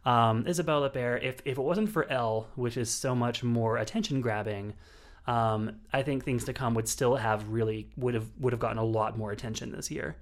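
A male podcast co-host in a casual movie-review chat. His voice sits in a middle pitch and he speaks with enthusiasm, often restarting his sentences. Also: fairly even intonation, brisk. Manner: enthusiastic, frequent restarts and fillers.

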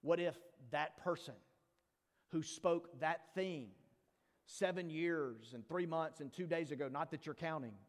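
A man preaching a sermon, reading scripture quickly and then slowing down to build rhetorical questions, with playful asides to the congregation. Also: fairly high pitch, long reverb tail. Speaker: pastor.

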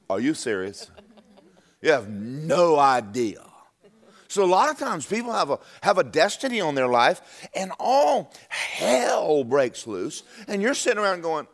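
A man's voice: big pitch swings, moderate pace. A man preaching a sermon and telling a personal story, stumbling over and repeating words as he talks. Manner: drops low and quiet for quoted speech.

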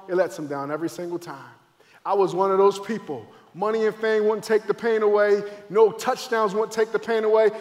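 A man, a former football player, giving an emotional faith testimony, dramatic and acting out moments as his voice swings between loud and hushed. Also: sits high, big-room sound.

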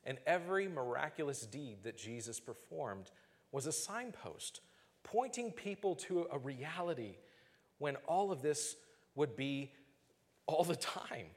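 A man preaching a sermon as pastor, earnest and measured, slowing down to stress key phrases. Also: a little high, big-room sound.

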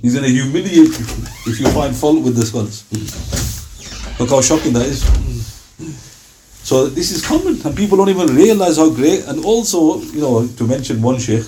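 A man's voice: fairly high pitch, animated, normal speed, pauses often, warm tone, slight background noise. A man giving an Islamic lecture, telling stories with acted-out dialogue and driving his points home with emphasis. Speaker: preacher.

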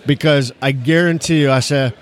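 A man talking casually as a guest at an even, middle pitch. He often stumbles and repeats himself and fills gaps with long uhs. He shares sincere thoughts in a loose, conversational way. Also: normal speed. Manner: stammering, repeats words, many fillers. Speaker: emergency physician and guest. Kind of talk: casual interview chat.

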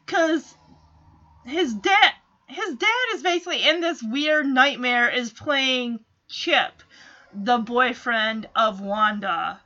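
A woman with a high, bright voice talks through a TV episode in a casual, giggly way, laughing often. She speaks unhurriedly, and the audio sounds dull and lo-fi. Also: takes it slowly. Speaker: show recapper.

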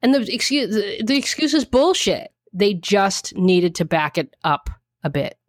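A woman's voice: mid-range voice, big pitch swings, a little slow, no room sound, clean studio sound. Blunt, profane woman co-host. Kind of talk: casual chat.

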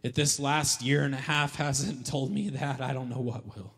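A male pastor preaching a sermon emphatically, repeating key lines and building to loud calls. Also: mid-range voice, steady tone, moderate pace, few pauses, husky. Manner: emphatic, repeats lines for effect, rising to shouts. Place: church hall. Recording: long hall reverb.

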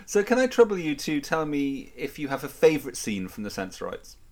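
A man's voice: fairly high pitch, huge pitch swings, brisk, darkish tone. A man co-hosting a podcast in casual chat, mostly giving brief agreeing replies and asking questions. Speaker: podcast co-host.

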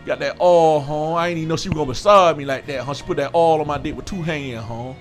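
A man's voice: a little high, quick pace, faint music behind. A man co-hosting a casual podcast, telling a story and quoting what others said. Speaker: podcast co-host. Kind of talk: casual chat.

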